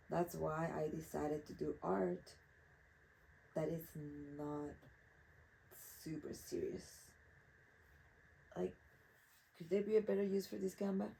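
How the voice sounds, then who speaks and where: A woman's voice: deep voice, fairly even intonation, measured pace, creaky, long pauses, dark tone, a little hiss or hum, low-quality recording. A young woman whose first language is Spanish, talking candidly and rambling while she paints outdoors at night. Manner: candid, rambling, self-reflective. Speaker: artist. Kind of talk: casual talk while painting.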